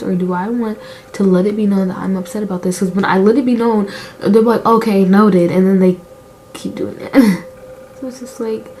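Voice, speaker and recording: A teenage girl talks through a makeup vlog in a soft, mellow voice at a middling pitch. She rambles candidly about her feelings, and her sentences are strung together with constant "like" fillers. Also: a little hiss or hum, low-quality recording. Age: late teens. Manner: rambling and confessional, full of "like" fillers. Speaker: beauty vlogger. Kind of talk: casual chat while doing makeup.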